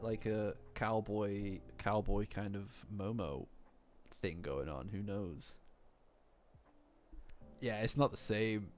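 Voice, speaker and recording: A man's voice: lowish voice, gravelly, darkish tone. A young man chatting casually on a live stream in a rambling, self-deprecating way.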